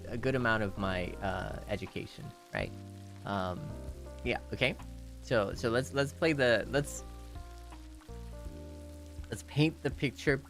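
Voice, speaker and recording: Young male streamer, loose rambly storyteller, voice that swings up and down a lot, soft music underneath. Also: medium pitch. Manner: rambling, full of "you know" and restarts; laughs often while telling. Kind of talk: casual storytelling chat.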